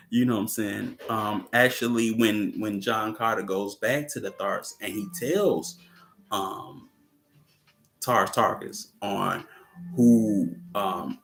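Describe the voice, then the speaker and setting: A man's voice: on the low side, creaky. A man hosting a casual movie commentary, rambling and often chuckling and asking "you know what I'm saying". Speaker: host.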